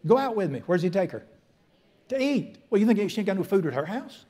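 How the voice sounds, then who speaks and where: A man's voice: high voice, sing-song, brisk, warm tone. A middle-aged man, preaching a folksy, emphatic sermon as a pastor in a church. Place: church sanctuary.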